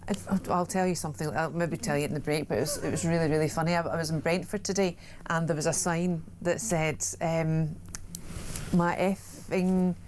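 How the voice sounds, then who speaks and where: A woman's voice: sits low, fairly even intonation, a little fast, hardly any pauses, a little mellow, a little hiss or hum. A woman from Glasgow, chatting as a guest on a radio talk show in a wry, opinionated way. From Glasgow, Scotland. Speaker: studio guest. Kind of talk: casual chat. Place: radio studio.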